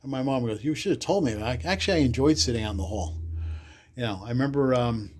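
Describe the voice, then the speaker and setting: A man, a podcast guest telling loud, animated stories in casual chat, cursing freely and acting out the people he quotes. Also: medium pitch, fast talker. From the Bronx, New York. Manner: animated, swears freely, acts out quotes loudly. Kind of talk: casual storytelling.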